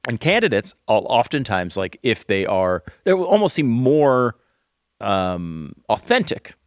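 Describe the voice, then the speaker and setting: A man's voice: mid-range voice, big pitch swings, a little slow, no echo, studio quality. Rambling podcast co-host man. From Northeastern US. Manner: rambling, self-interrupting, laughs often. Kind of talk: casual podcast chat.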